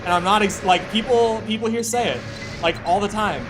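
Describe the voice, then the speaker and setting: A man with a Minnesotan accent and a high voice chats briskly over music while streaming a game. He rambles casually, filling his talk with "like" and other fillers.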